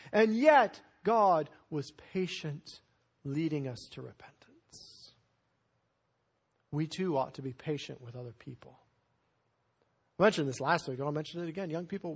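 Male pastor, husky tone, lively storytelling sermon. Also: a little high. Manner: animated storytelling with sudden loud bursts.

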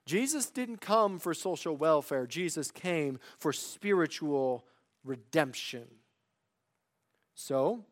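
Earnestly delivering a sermon, a high-voiced man alternates between booming emphasis and soft, stretched-out phrases.

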